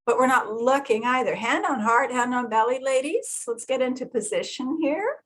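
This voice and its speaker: Animated woman host with a high voice, guiding a group through breath work between chatty stories. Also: normal speed. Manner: animated storyteller who acts out quoted voices and laughs often. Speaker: energy healer leading a group meditation session. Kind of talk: casual group talk with guided breathing.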